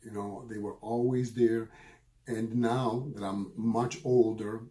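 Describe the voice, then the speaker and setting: Mellow, low-voiced man telling an emotional story. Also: steady tone. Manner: earnest and emotional, halting with repeated phrases. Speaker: spiritual medium. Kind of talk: personal storytelling to camera.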